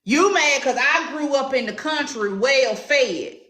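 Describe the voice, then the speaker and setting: Sassy high-voiced Southern woman. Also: lively intonation, unhurried, bright, forceful tone, roomy sound. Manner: sassy, confrontational, drawling. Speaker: commentary show host. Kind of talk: heated commentary chat.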